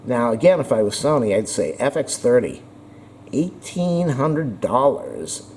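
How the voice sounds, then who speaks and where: A man's voice: mid-range voice, very animated, unhurried, darkish tone, slight background noise. Blunt, sarcastic man ranting to camera. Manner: sarcastic and blunt, rambling with restarts. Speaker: vlogger reviewing a camera. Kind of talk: casual opinionated rant.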